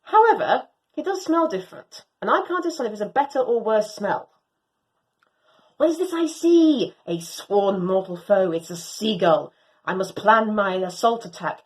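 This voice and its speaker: A woman's voice: animated, normal speed, lightly acted, poor audio. A woman playing a theatrical Doberman girl. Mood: swaggering. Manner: theatrical, swooping pitch, grand old-fashioned phrasing. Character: excitable proud young female Doberman dog. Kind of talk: storybook reading.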